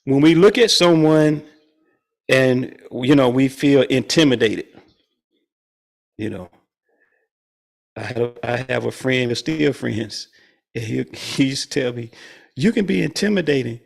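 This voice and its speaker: A man's voice: mid-range voice, takes it slowly, gravelly, long pauses. A man leading a spiritual study group, teaching in a conversational way and chuckling often. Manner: chuckles often, animated and playful.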